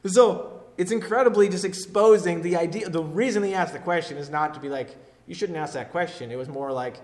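A man preaching a sermon, earnest and emphatic, swinging between loud declarations and hushed, quiet lines. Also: fairly high pitch, a little fast, few pauses, reverberant. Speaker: pastor.

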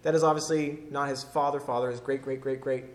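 A man's voice: mid-range voice, little pitch movement, brisk. A man preaching a sermon, emphatic and repeating key phrases for weight. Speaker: pastor.

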